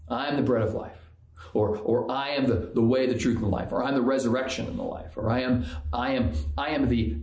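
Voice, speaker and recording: A man's voice: mid-range voice, darkish tone, roomy sound. A man giving a conversational sermon as a pastor, often restarting and repeating words. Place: church.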